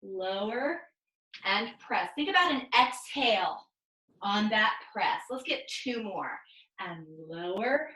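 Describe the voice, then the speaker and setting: A woman leading a pilates class over a video call, giving calm step-by-step cues and counting reps. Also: medium pitch, takes it slowly, echoey room, rough recording. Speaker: pilates instructor. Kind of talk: guided exercise class cues.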